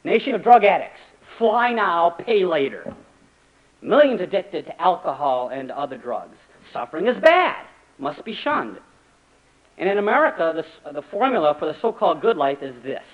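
A man preaching a sermon as a pastor, animated and acting out the voices he quotes. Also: fairly high pitch, brisk. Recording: dull lo-fi recording.

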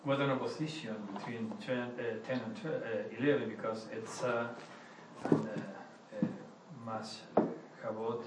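A man's voice: medium pitch, fairly even intonation, measured pace. A man in a class speaking up hesitantly, stopping and restarting with many fillers. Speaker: student. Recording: roomy classroom audio from far off, noisy.

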